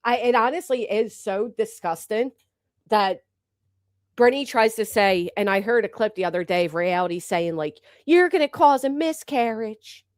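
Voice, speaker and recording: A woman streamer doing reaction commentary at home, blunt and scornful, with plenty of swearing. Her voice sits at a middling pitch. It is recorded close and dry, with no room sound. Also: steady tone, normal speed, no echo. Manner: blunt, mocking, swears freely.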